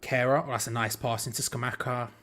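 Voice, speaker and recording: A man's voice: mid-range voice, fairly even intonation, brisk, fairly bright tone. A young man hosting a live football watch-along, calling the play casually and chatting to viewers with frustrated asides. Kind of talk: live match commentary and chat.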